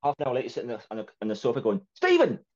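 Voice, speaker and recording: A man's voice: medium pitch, racing, dark tone, highs cut off. A man with a Geordie accent hosting a podcast, chatting casually, laughing often and acting out little quotes. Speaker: podcast host. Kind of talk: casual chat.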